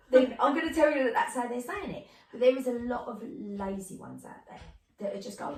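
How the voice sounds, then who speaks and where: A woman clairvoyant medium chatting as a guest, telling stories in an animated, earthy way. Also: a little high, brisk. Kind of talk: casual chat. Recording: roomy, distant mic with faint noise.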